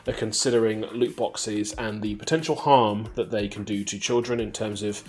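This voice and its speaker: A man hosting a weekly games news show, reading stories briskly and bantering with a co-host. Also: lowish voice, fairly even intonation. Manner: brisk, reads headlines then banters.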